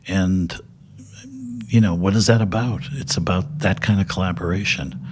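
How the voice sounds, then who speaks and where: A man's voice: deep voice, normal speed, husky. An older man, a television director, telling stories as a guest in a loose, rambling way with many fillers. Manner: rambling, many fillers and restarts, laughs often. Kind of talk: casual anecdote telling.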